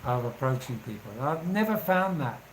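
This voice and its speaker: A man's voice: mid-range voice, lively intonation, normal speed, slight background noise, low-quality recording. A man, casually telling anecdotes and laughing as he goes. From England. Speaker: vlogger. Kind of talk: casual storytelling.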